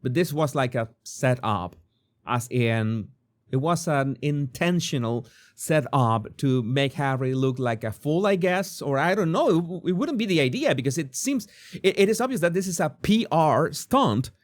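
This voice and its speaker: A man with a Spanish accent, a native Spanish speaker, hosting a commentary channel in a casual, animated way, often stammering and repeating words. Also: a little high, moderate pace.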